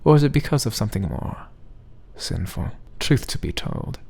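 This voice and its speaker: Gravelly low-voiced man reading a story aloud. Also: normal speed. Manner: expressive, theatrical storytelling delivery. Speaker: story reader. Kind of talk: dramatic reading of fan fiction.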